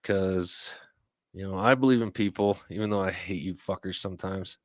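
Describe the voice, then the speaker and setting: A man's voice: sits low, steady tone, normal speed, no room sound, studio quality. A man hosting a podcast, telling stories in a rambling, profane, casual way. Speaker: podcast host. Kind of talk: casual chat.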